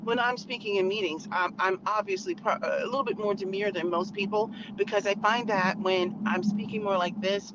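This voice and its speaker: A woman's voice: mid-range voice, steady tone, moderate pace, few pauses. Outspoken woman talking from her car. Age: adult, married. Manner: outspoken, emphatic, conversational. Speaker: channel host. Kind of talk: opinionated commentary vlog. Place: in a car on a back road. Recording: muffled car recording with road noise.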